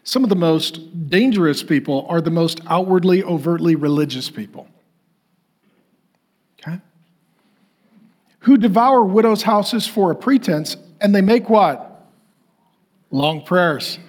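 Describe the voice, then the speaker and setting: Middle-aged male pastor, lively high preaching voice with a husky edge, jokes and acts out others. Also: unhurried, long pauses. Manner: animated, jokey, acts out voices. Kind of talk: sermon.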